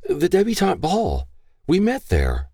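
A man's voice: sits high, wildly swooping pitch, unhurried, gravelly, dark tone, dry recording, studio quality, pitched above the performer's own voice, full character voice. A man voicing a frightened young woman who pleads with her family in an audiobook. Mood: pleading.

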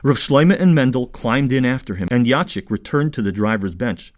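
A man narrating a story in clear, expressive scripted audiobook style. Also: mid-range voice, a little fast.

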